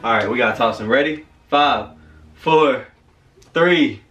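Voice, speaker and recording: A man's voice: medium pitch, measured pace, a bit bright, far from the mic, faint music behind. A young man hosting a casual couple vlog, slangy, teasing and laughing often. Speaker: vlogger. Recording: roomy home room, mic set back.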